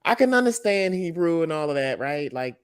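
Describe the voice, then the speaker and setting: A man co-hosting a casual, heated chat, getting animated and breaking into loud outbursts when he quotes others. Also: on the high side, a little fast, smooth, dry recording, studio quality. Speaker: podcast co-host.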